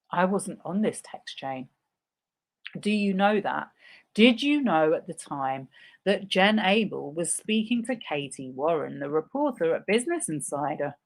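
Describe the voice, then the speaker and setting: Woman reading a deposition aloud. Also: lowish voice. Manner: reads several parts in turn, interjects sarcastic asides. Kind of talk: live dramatic reading with commentary.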